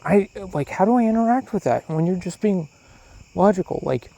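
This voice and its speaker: Man, gravelly, dark-toned, rambling profane monologue, crickets behind. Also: high-pitched, normal speed, rough recording. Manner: profane, animated, questioning. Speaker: solo podcaster. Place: outdoors at night. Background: crickets and insects.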